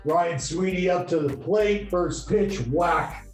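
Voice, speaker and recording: A man in his thirties, a former pitcher, telling lively anecdotes in a casual interview and acting out the quotes. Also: takes it slowly. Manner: animated, spins anecdotes with voiced quotes. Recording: echoey room with faint music.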